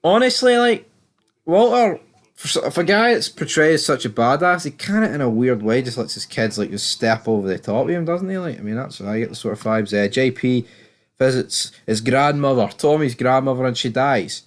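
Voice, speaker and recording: A young British man giving a casual, opinionated recap of a TV episode, swearing freely and jumping up in pitch when he exclaims. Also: expressive, fairly quick. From Britain. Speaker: TV show reviewer. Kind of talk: casual spoken recap and commentary.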